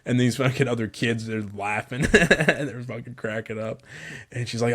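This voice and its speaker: A man's voice: medium pitch, steady tone, normal speed, a bit bright. A young man co-hosting a podcast, telling a rambling story in casual chat, full of "like" and swearing. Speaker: podcast co-host.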